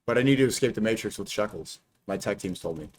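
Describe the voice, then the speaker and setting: A man hosting a casual reaction stream, animated and teasing, firing off quick questions. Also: fairly low pitch, breathy edge. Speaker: streamer and host.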